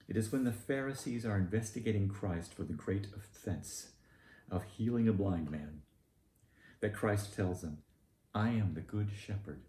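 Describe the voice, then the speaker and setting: A man with a Southern US accent delivering a sermon in a measured, deliberate way with pointed emphasis. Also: lowish voice, warm tone, echoey room. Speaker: preacher.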